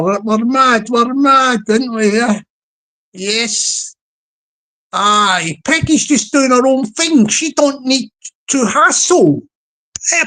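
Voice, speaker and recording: Woman, livestream host, playful rambling chatter, fairly high pitch. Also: bright, forceful tone. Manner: playful, rambling, talks to the chat.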